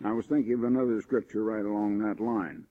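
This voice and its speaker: A man's voice: fairly low pitch, fairly even intonation. Preacher man on a tinny old recording. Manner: emphatic, rising on key points, slows for scripture. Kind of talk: sermon.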